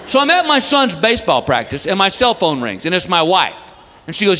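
A middle-aged man doing a stand-up routine, telling a story and shouting the punchlines. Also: sits high, sing-song, a little fast. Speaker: stand-up comedian. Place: comedy stage with a laughing audience. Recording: live room with crowd and noise.

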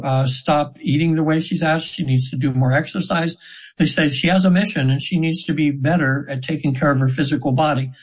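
A man's voice: a little high, slightly rough, low-quality recording. A man in his seventies, an interview guest, telling his session stories in an earnest, meandering way with many restarts. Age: 70s. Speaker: hypnotherapy practitioner, guest. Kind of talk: casual storytelling interview.

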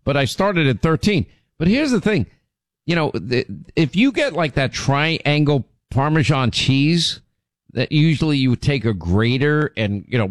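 A man hosting a radio show, telling stories in casual chat, his voice jumping up in pitch when he gets indignant. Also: no echo. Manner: animated storytelling, pitch jumps when indignant.

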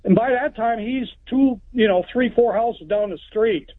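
A man's voice: very high voice, normal speed. A man from Texas calling in to a radio show, telling a long story in a rambling, plainspoken way. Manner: rambling, plainspoken, retells events step by step. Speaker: caller. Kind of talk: phone-in storytelling. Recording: tinny phone line.

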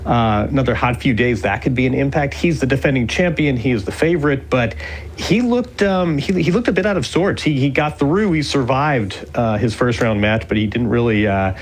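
A man's voice: mid-range voice, lively intonation, normal speed. A man speaking as a sports journalist guest in a live radio interview from a remote location, thoughtful and stopping to restart his sentences. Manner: thoughtful, hesitant with restarts and fillers. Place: remote location, not the studio.

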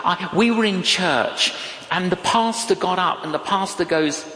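A man's voice: high-pitched, a little slow. A man preaching a storytelling sermon, dramatic and emphatic, repeating phrases for effect. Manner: animated, dramatic, emphatic repetitions. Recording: echoey hall with long reverb.

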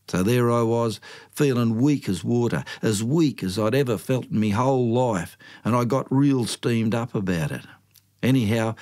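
Older Australian bloke, colloquial yarn-spinner, self-mocking storytelling. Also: male voice, fairly low pitch, a little mellow. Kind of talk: spoken storytelling.

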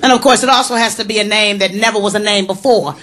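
A woman performing stand-up comedy in a club, loud and animated, shouting her punchlines. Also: mid-range voice, quick pace. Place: comedy club before a live audience. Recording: live club recording with crowd noise.

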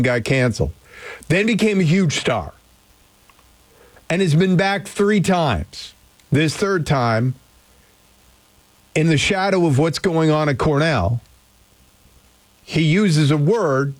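A man's voice: on the high side, no room sound. A man hosting talk radio, chatty and opinionated. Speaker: radio host. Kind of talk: casual talk radio chat. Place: radio studio.

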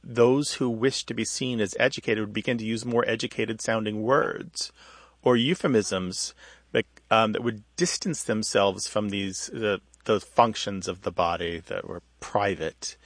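A man's voice: on the low side, unhurried, a bit bright, no echo. A male radio co-host explaining how words become vulgar, thoughtful and patient, with small restarts. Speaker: radio show co-host, language expert.

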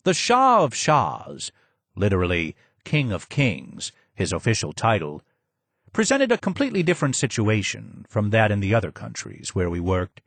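A man narrating a memoir audiobook in an expressive reading with strong emphasis. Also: lowish voice, normal speed, no room sound.

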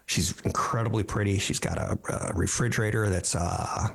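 A man in his fifties hosting a talk radio show, telling animated stories and mocking other people's voices. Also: lowish voice, moderate pace, gravelly, husky. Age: 50s. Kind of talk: casual talk radio monologue.

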